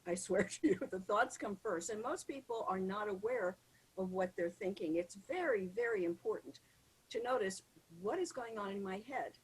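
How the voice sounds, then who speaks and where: A woman's voice: mid-range voice, moderate pace, rough recording. A woman coaching on public speaking as a podcast guest, talking emphatically and acting out the voices in people's heads. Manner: lively, emphatic, acts out inner voices. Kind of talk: podcast interview conversation.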